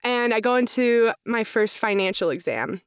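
A woman's voice: a little high, animated, normal speed, smooth, no room sound, clean studio sound. A young woman, an accounting student, telling her story in a casual interview, chatty with lots of "like" fillers. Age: young adult. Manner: chatty, frequent "like" fillers, reenacts own thoughts.

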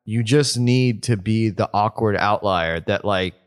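A man's voice: on the low side, measured pace. A man co-hosting a podcast in casual chat, rambling with many fillers and restarts. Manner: rambling, full of fillers and restarts, laughs often. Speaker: podcast co-host.

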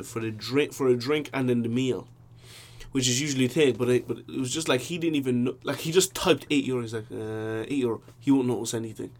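Relaxed young man chatting. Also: medium pitch. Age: young adult. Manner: relaxed, chimes in with short agreements. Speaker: podcast co-host. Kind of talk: casual chat.

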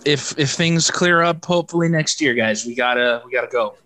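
A man's voice: medium pitch, fairly quick, sharp tone, slight background noise. A young man co-hosting a casual podcast, hesitant and giggly. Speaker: podcast co-host. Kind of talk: casual chat.

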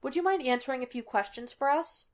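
A woman's voice: high-pitched, fast, pitched above the performer's own voice, natural voice. A woman voicing a flippant, teasing young man who poses as a psychic detective, in a storybook reading. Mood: probing. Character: cocky young male fake psychic, wisecracking.

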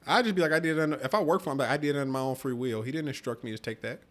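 A man's voice: medium pitch, racing, fairly bright tone. A man co-hosting a podcast, talking bluntly and profanely and pushing back in casual banter. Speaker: podcast co-host. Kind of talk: casual chat.

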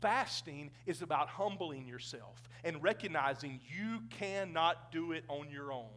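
Male pastor preaching in church; high voice, conversational with the congregation. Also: lively intonation, a little slow, fairly bright tone, slight background noise. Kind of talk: sermon. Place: church sanctuary.

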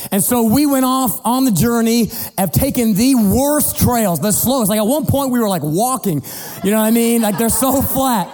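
A middle-aged man preaching as a pastor, telling a family story in an animated, playful way and acting out the voices. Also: very high-pitched, normal speed. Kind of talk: sermon storytelling. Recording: long hall reverb with faint music.

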